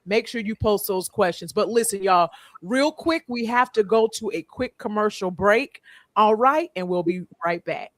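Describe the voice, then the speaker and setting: Lively woman hosting a podcast. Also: mid-range voice, normal speed, no echo. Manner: lively, laughing, reads out viewer comments. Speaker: podcast host. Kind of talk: casual livestream podcast chat.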